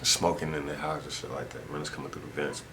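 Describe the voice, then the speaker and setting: A man's voice: extremely low pitch, little pitch movement, quick pace, heavy background noise. A man talking in a rambling monologue at home, repeating himself and using heavy street slang. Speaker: vlogger. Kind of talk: casual spoken monologue. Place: at home indoors.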